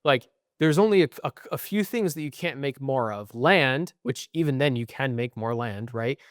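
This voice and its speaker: Young man, co-host, rambling explainer, dry close-mic sound, mid-pitch. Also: expressive, normal speed, no echo. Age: young adult. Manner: rambling, frequent "right?" and "um" fillers. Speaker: podcast co-host. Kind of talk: casual chat.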